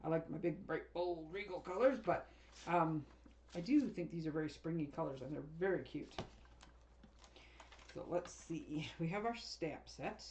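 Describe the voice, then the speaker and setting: A woman's voice: deep voice, lively intonation, moderate pace, a little mellow, a little hiss or hum. A woman craft demonstrator chatting casually as she unboxes and sorts a paper craft kit, rambling and often laughing.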